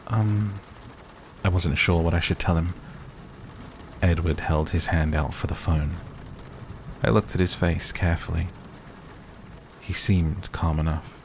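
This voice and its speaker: Deep gravelly man reading a sleep story. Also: flat delivery, measured pace, long pauses, a little hiss or hum. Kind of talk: soothing bedtime story narration. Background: rain sounds.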